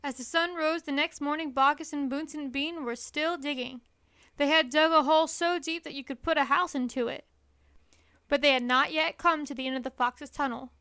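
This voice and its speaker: A woman reads a children's storybook aloud with an expressive, lively delivery. Her voice is high and bright, recorded close in a dry, dead space. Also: moderate pace, no echo. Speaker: storybook reader.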